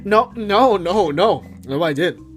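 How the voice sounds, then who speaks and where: Animated man hosting a comedy podcast. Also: high-pitched, slow pace, soft background music. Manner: laughing, hesitant, animated. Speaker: podcast host. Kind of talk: comedic skit chat.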